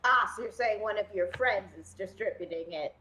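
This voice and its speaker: A woman's voice: medium pitch, moderate pace, bright, forceful tone, a little hiss or hum. A woman player in a tabletop game who asks pointed questions.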